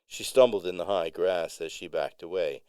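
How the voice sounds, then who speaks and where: Male storyteller, measured narration, low pitch, dry booth-like sound. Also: darkish tone, smooth, dry recording. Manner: measured, unhurried.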